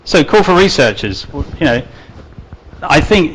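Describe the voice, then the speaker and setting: A man's voice: a little high, moderate pace, a little hiss or hum, rough recording. A man giving a conference talk to a live audience, chatty and loose with fillers and restarts, with an accent he calls his own. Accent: non-native English accent. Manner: conversational, many fillers and restarts. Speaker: conference speaker.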